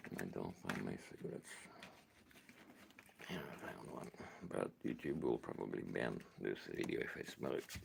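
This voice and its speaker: A tired, middle-aged man from Ukraine speaks with a Ukrainian accent in a very deep, heavily gravelly voice. He rambles slowly from one thing to the next, his pitch moving a lot. A faint hiss sits under the home recording. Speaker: vlogger. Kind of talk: casual monologue to camera.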